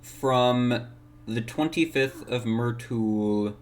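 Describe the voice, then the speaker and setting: A man running a tabletop game, deliberate and pausing as he checks details. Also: medium pitch. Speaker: game master.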